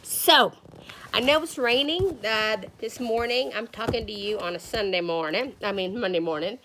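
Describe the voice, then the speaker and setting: A school coach, a woman, reading a picture book aloud to young children, animated and calling on them by name. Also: medium pitch, normal speed, a little hiss or hum. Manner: animated, calls children by name, playful asides.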